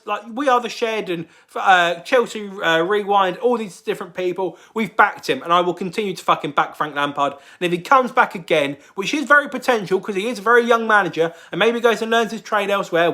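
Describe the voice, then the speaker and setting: Swearing, ranting man, high voice. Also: bright, forceful tone. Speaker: football fan vlogger. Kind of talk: angry fan rant to camera.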